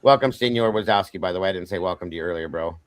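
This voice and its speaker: A man's voice: low-pitched, racing, no room sound. Blunt, profane man hosting a stream. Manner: blunt and profane, keeps saying it is just his opinion. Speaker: livestream host. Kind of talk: casual true-crime discussion stream.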